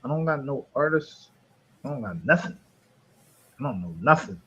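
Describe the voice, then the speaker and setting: Livestream host, husky man, profane and mocking, dull lo-fi sound. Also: medium pitch, expressive, moderate pace. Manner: profane, mocking, shouting with bursts of laughter. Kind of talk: heated livestream argument.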